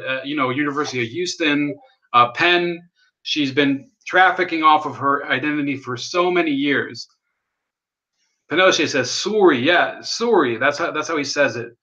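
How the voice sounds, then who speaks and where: A man's voice: on the high side, bright, forceful tone. Guy ranting on his livestream, sarcastic, swears a lot, kinda muffled lo-fi audio. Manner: rambling, sardonic, swears, reads chat aloud. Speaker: livestream host. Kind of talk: casual political livestream commentary.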